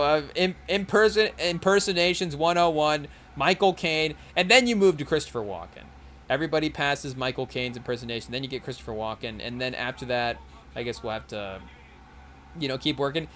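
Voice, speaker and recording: A man's voice: medium pitch, a bit bright, slight background noise. A young man hosting a podcast, chatting loosely about a basketball game as he watches, full of fillers and restarts. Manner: rambling, filler-heavy, tries quick celebrity impressions. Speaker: podcast host. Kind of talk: casual live game commentary.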